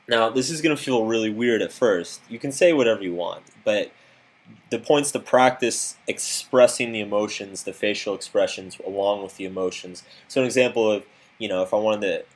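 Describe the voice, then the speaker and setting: A man narrating a self-improvement lesson in a direct, instructive way, with occasional fillers. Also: lowish voice.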